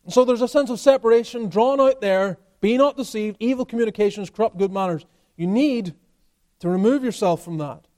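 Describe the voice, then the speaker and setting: Male pastor, high voice, emphatic expository preaching in church. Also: fairly quick, a little mellow. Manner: emphatic preaching with rising and falling intensity. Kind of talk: expository sermon.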